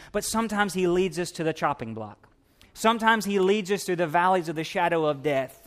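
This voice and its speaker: A male pastor delivering a sermon with a notably high-pitched voice. He preaches with passion, climbing louder and higher in his exhortations, then softens into a hushed, lower tone as he closes in prayer.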